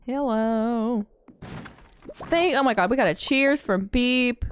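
A young woman streaming a farming game, chatting casually with her viewers, bubbly and quick to laugh. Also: a little high, clear, resonant tone. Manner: bubbly and giggly, quoting movie lines. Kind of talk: casual gaming stream chat.

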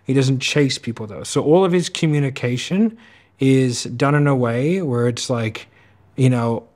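A man giving casual commentary on sales clips, talking quickly and acting out sales calls. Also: mid-range voice, darkish tone. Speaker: sales coach reacting to clips.

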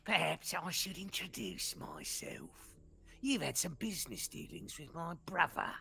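A man's voice: a little high, wildly swooping pitch, measured pace, vocal fry, sharp tone, voice pushed up, full character voice. A man voicing a smug, mock-polite male goblin leader in a tabletop game.

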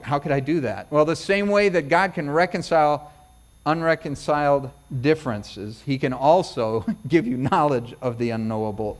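A middle-aged male pastor preaching a sermon in a folksy, conversational way, building to emphatic peaks. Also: fairly high pitch.

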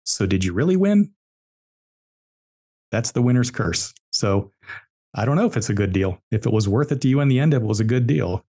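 A man's voice: mid-range voice, expressive, moderate pace, long pauses, warm tone, breathy edge. A man, an entrepreneur guest on a podcast, telling business stories bluntly and emphatically, repeating key words. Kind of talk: podcast interview storytelling.

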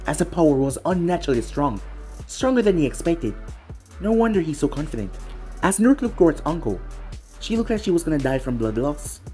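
A narrator reading a fan-fiction action story aloud, with a dramatic storytelling delivery. The voice is mellow and dark with a lively, animated pitch, and faint music plays behind. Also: brisk.

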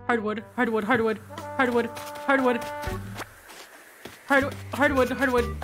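A young woman streamer giving excitable game commentary, swinging from loud shrieks to low mumbles and swearing freely. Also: a little slow, pauses often, music in the background. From United States.

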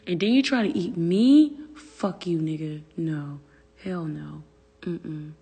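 Young woman griping on a phone live, low dark voice, lots of reverb around her. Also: takes it slowly, slightly rough. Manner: profane, exasperated venting; answers viewer comments aloud. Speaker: livestream host. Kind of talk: casual livestream rant. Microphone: phone livestream.

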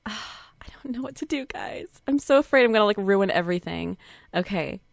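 A young woman commentates her game from a home desk setup, chatty and giggly with a steady stream of "like". Her voice sits at a middle pitch. The condenser mic sounds close and dry, with no room echo. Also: fairly quick, creaky. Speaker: let's play host. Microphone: desk USB condenser mic.

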